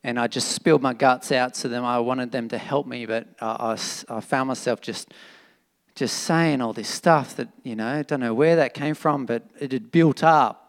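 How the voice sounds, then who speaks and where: A man preaching a sermon in an animated, emphatic, conversational way, with fillers and restarts. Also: medium pitch, normal speed. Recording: long reverb of a hall.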